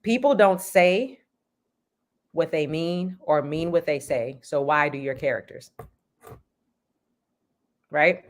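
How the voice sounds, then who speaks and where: A woman's voice: low voice, slow, pauses often. A woman from Texas, a script consultant, explaining her craft in an interview with frequent rhetorical questions and laughter. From Houston, Texas. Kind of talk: interview conversation.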